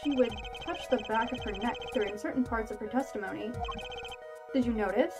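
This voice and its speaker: Phoenix Wright, read by a woman calm and cryptic. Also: on the high side, a little fast, lightly acted. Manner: laid-back, teasing, mysterious. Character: calm, cryptic man, a former lawyer turned poker player. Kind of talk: reading game dialogue aloud. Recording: game music playing behind.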